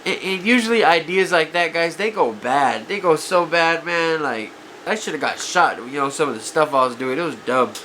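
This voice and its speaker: A man's voice: a little high, moderate pace, sharp tone, slight background noise. A man vlogger telling stories from his past in a casual, confessional way, regretful and self-critical, often calling his viewers guys, his voice a bit off from allergies. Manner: keeps addressing viewers as guys, many you-knows. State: voice affected by allergies.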